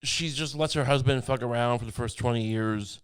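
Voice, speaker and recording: A man's voice: medium pitch, brisk, clean tone. A young adult man hosting a comedy podcast, rambling through crude, riffing jokes in casual chat. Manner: rambling, crude riffing with jokey put-on voices. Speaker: podcast host.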